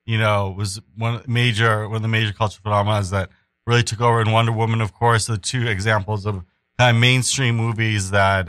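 Bright-voiced male radio host. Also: fairly low pitch, clean tone, no echo, studio quality. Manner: relaxed, with frequent ums and restarts. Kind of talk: community radio interview and announcements.

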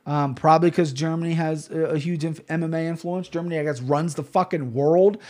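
Podcast host, male, high-pitched, brash and profane, rambling betting picks. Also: steady tone, a little fast, mellow. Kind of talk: casual betting picks monologue.

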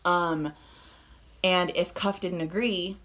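A podcast co-host, this woman slowly relates a crime story in casual chat, her fairly low voice steady and fairly bright. Fillers pile up, she swears without holding back, and she laughs often.

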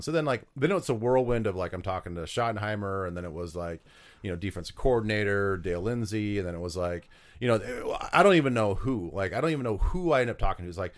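Low-voiced man telling a long story. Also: lively intonation, fast. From South Dakota, US. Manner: rambling, lots of fillers and restarts. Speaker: former pro football player, guest. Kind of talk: storytelling interview answers.

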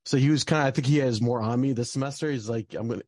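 A man's voice: medium pitch, fast talker, a little mellow, dry recording. A young man telling a personal story in a casual, rambling way, with lots of fillers and bursts of frustration. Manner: rambling, many fillers, gets heated and swears.

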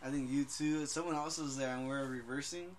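A man's voice: medium pitch, steady tone, a little fast, a little hiss or hum, poor audio. A man co-hosting a casual podcast chat, telling stories in profane slang. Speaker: podcast co-host.

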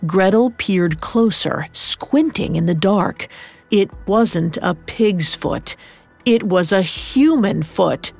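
Calm woman narrator for a storybook, unhurried pace, soft music bed. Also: medium pitch. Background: faint music.

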